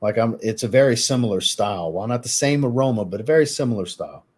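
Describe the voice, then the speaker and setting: A man hosting a fragrance live stream, reviewing scents in relaxed, chatty talk and answering viewers' chat. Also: medium pitch, quick pace, breathy edge.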